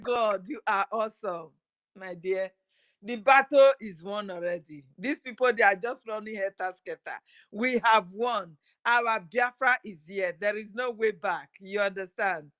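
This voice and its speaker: A Nigerian woman speaking in a casual online chat, her voice bright with a sharp edge. She talks in a fervent, effusive way. The sound is dry and close. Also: medium pitch, normal speed, no room sound.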